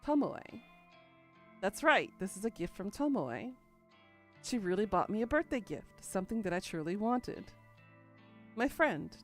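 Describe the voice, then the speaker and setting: A woman narrating a first-person story in a dry, musing, inward way. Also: mid-range voice.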